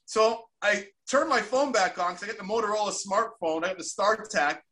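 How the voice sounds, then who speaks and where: A man in his forties with a high, bright voice tells a story in casual chat. He is animated and acts out the quotes with voices. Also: brisk. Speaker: former pro hockey player, podcast co-host.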